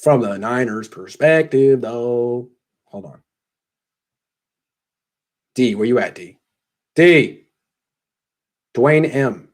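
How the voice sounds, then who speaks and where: Casual sports host thinking aloud. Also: male voice, mid-range voice, lively intonation, extremely slow, pauses often. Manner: conversational, thinks aloud, sarcastic asides. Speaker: sports podcast host answering viewer questions. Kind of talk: casual live Q&A.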